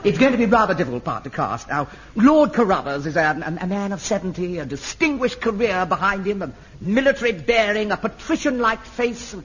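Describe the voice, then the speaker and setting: A fussy, theatrical man with a husky, high voice that rises and falls a lot. He coaxes and fusses. The sound is dull and lo-fi, like an old television soundtrack. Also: animated, fairly quick, few pauses, fairly bright tone. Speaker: theatre director in a sitcom scene. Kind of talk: sitcom acting.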